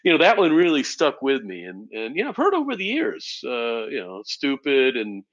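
A man, a safety consultant, telling stories in a relaxed, conversational way, with lots of fillers and acted-out quotes. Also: mid-range voice, moderate pace, muffled recording. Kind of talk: conversational storytelling.

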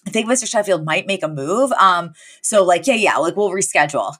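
Woman voicing breezy young nanny, low-pitched, quick lines. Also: expressive, fairly bright tone.

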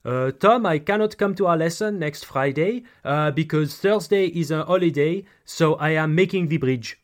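A man's voice: fairly high pitch, lightly acted. A man putting on a French student's thick accent. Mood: apologetic. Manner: halting, with filler hesitations.

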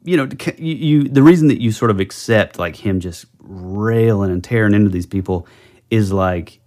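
A man's voice: fairly low pitch, moderate pace, a little mellow. A man co-hosting a podcast in casual chat, rambling along with lots of filler words. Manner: rambling, full of fillers and restarts. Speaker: podcast co-host.

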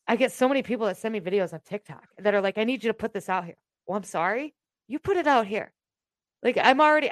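A woman with a fairly high voice talks emphatically in halting bursts, often restarting her sentences. She is recorded dry and close, with no room sound. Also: a bit bright, dry recording. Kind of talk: casual chat.

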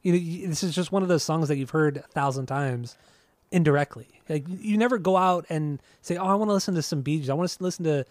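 A man hosts a casual podcast, talking in loose, rambling runs with frequent restarts. His voice sits a little high. The recording is dry and close. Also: quick pace, no echo. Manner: rambling, hesitant, full of restarts. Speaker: podcast host. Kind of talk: casual chat.

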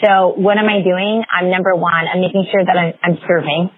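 A woman fitness executive, a guest in an interview, telling stories with lively acted-out quotes. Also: on the low side, a little fast, no room sound. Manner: animated storyteller, acts out quoted voices. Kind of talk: interview storytelling. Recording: dry, phone-like lo-fi audio.

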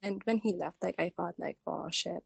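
A woman recounting a hookup story in a relaxed podcast chat. Her voice sits low, and the sound is close and dry, with no room in it. She talks candidly, stopping and restarting often with little fillers. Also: a little fast, gravelly, slightly rough, dry recording. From Philippines. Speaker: guest telling a dating story. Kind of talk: casual chat.

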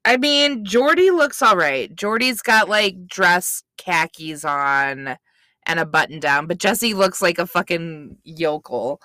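Woman co-host, unhurried and blunt, bright, close dry sound. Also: on the low side, lively intonation, no room sound. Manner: blunt, sweary. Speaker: podcast co-host. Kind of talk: casual recap chat.

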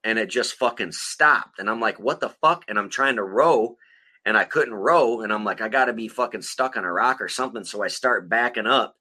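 A man's voice: on the low side, fairly quick, sharp tone. A man co-hosting a podcast, telling a long rambling story full of profanity in casual chat. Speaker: podcast co-host.

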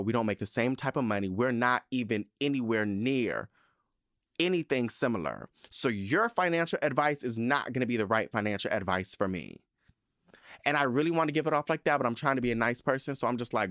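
A man's voice: mid-range voice, expressive, brisk, a bit bright, dry recording, clean studio sound. A man hosting a podcast, ranting in a casual, sassy and profane way with lots of emphasis. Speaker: podcast host.

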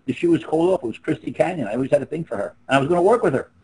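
A man's voice: fairly high pitch, lively intonation, very fast, warm tone, husky, low-quality recording. A man in his seventies, a guest on a video call, telling rambling anecdotes that trail off. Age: 70s. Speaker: interview guest. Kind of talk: casual storytelling on a video call.

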